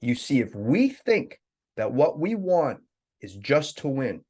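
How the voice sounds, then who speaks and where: A man, a life coach and podcast guest, telling a story in an animated way. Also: mid-range voice, takes it slowly, breathy edge. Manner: animated storyteller, lively swings.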